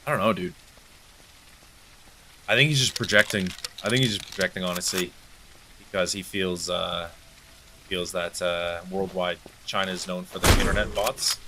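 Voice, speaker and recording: A young Canadian man with an East Coast accent, chatting fast and jokingly with viewers while he streams a game, full of slang and banter. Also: sits low, fairly even intonation, noisy background. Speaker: livestream gamer. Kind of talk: casual chat with chat while gaming.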